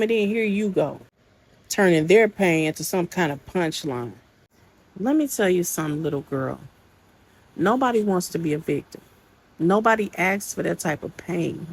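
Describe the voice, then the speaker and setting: Gravelly, husky woman scolding. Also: mid-range voice, poor audio. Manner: indignant, scolding; casual, slangy. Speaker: commentary channel host. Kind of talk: reaction commentary.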